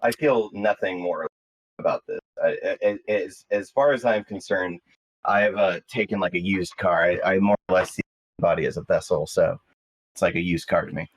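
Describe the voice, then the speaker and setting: A man in a casual podcast chat who rambles with halting restarts. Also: low-pitched, breathy edge, rough recording.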